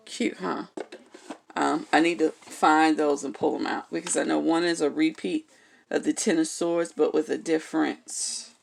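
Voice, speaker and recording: In a casual vlog, a woman reads tarot cards, speaking bluntly and frankly and swearing freely. Her voice is low with vocal fry, and she keeps checking in with viewers by asking "okay?"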